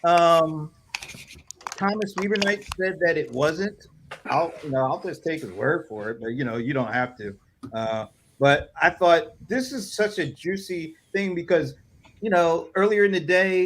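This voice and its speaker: A man hosting a casual livestream chat over a video call, rambling with many fillers and chuckles. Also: fairly high pitch. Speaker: host.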